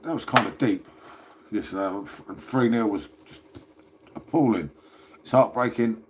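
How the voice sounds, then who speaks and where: A man's voice: fairly low pitch, moderate pace, pauses often, a little hiss or hum. A man hosting a casual livestream from his phone, chatting and rambling and calling his viewers "mate". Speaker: livestream host.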